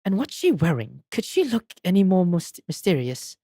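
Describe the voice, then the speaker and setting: A woman's voice: on the low side, big pitch swings, normal speed, warm tone, husky. A woman streamer chatting casually while playing a game, giggly and self-mocking. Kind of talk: casual gameplay chat.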